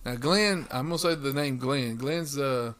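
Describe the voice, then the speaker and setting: Animated, bright-voiced man telling a story. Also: mid-range voice, moderate pace. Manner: profane, animated storytelling with quoted dialogue; lively retelling, rambling with restarts. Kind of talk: casual chat.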